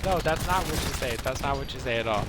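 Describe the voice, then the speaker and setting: A man's voice: medium pitch, fast talker. A man streaming a video game and rambling through a made-up story, jumping between voices as he goes. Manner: animated, jumps between voices and laughs. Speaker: gaming streamer. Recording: game gunfire noise behind.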